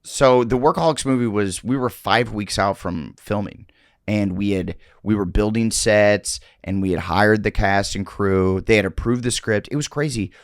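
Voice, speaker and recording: A comedian guest on a podcast, telling loose stories in casual chat and swearing freely. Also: male voice, lowish voice, moderate pace, dry recording, studio quality. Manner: loose, swearing storyteller with quoted voices.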